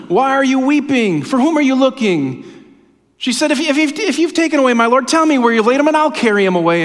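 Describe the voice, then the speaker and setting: A male pastor preaching and reading scripture aloud, with dramatic swings between loud emphasis and hushed passages. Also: high-pitched. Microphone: camera-facing preaching mic. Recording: long hall reverb.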